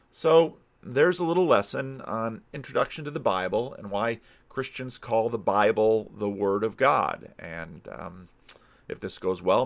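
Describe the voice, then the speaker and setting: A man's voice: on the low side, vocal fry. A middle-aged American man, a pastor, giving a casual teaching talk, thinking aloud with frequent restarts and repeated words. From United States.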